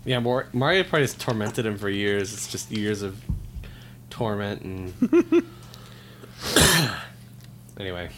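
A relaxed man co-hosting a comedy podcast, chuckling and now and then searching for a word. Faint background noise sits under his voice. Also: fairly low pitch, measured pace, pauses often. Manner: relaxed, chuckling, gropes for words. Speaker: podcast co-host. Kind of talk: casual comedic chat.

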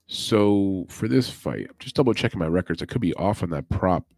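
A man's voice: deep voice, lively intonation, normal speed, vocal fry, a little mellow, dry recording. A man hosting a casual sports betting podcast, loose and chatty, thinking aloud as he goes. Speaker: MMA betting podcast host. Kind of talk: casual chat.

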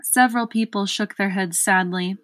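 A woman narrating a children's storybook in a measured reading voice. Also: mid-range voice, steady tone, fairly bright tone, no echo. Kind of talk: audiobook reading.

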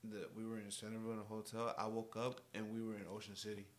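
A man's voice: on the low side, monotone, fast talker. A young man co-hosting a podcast, laid-back and laughing, in slang-filled casual chat. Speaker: podcast co-host.

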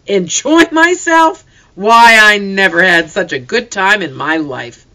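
A jovial farm father speaks heartily and cheerfully, acted out by the story's reader. His voice is bright and lively in pitch. It is a storybook reading of a family tale. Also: moderate pace, low-quality recording. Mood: hearty. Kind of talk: audiobook character voice.

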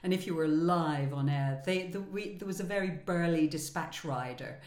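Low-voiced woman in her sixties, roomy sound. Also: moderate pace, a little mellow. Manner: laughing storyteller, self-deprecating. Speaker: podcast co-host, former broadcaster. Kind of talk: casual chat, anecdotes. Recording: roomy echo.

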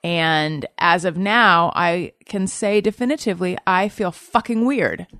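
A woman's voice: lowish voice, a little slow, a bit bright, no room sound, studio quality. A woman in her thirties, a podcast host, chatting casually in a rambling, self-deprecating way, often restarting and rephrasing while telling a story about her own anxiety. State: anxious. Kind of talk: casual chat.

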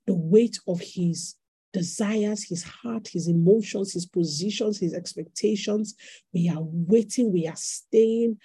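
A Nigerian woman pastor preaching an animated sermon, acting out little scenes as she goes. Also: mid-range voice, slightly rough, dry recording. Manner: animated preaching, acts out voices in anecdotes.

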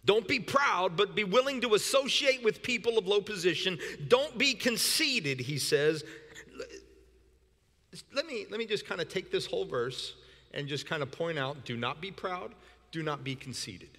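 A man preaching a sermon as pastor, animated, often repeating words and breaking into shouts for emphasis. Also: sits high, normal speed. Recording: long reverb in a hall.

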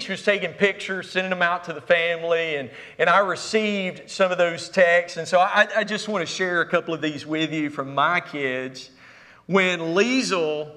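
Middle-aged man, sermon, bright tone, slightly high, echoey hall. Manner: storytelling with humor, Southern "y'all". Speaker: preacher. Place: church sanctuary.

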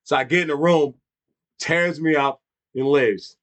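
A man's voice: fairly high pitch, measured pace, fairly bright tone. A man in his thirties telling a funny childhood story in casual chat, swearing freely and laughing often. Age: 30s.

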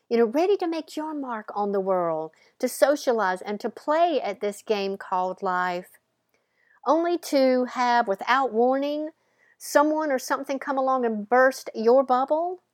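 A woman's voice: fairly high pitch, a little mellow, no echo, studio quality. A woman hosting a podcast, telling a story playfully and dramatically with voiced characters. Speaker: podcast host. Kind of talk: storytelling monologue.

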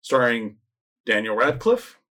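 A man talks loosely about films with friends, rambling through plots and slipping into quick acted-out lines. His voice sits in an ordinary middle pitch for a man. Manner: rambling, animated retelling of plots, acts out lines. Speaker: podcast co-host reviewing movies. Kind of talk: casual chat.

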